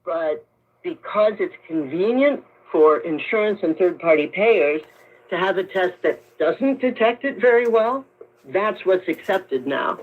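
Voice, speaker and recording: A woman doctor speaks slowly and carefully, explaining each point to radio callers. Her voice comes through a thin, tinny broadcast signal with little low end. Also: lively intonation. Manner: measured, explanatory. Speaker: doctor guest. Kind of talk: radio call-in interview.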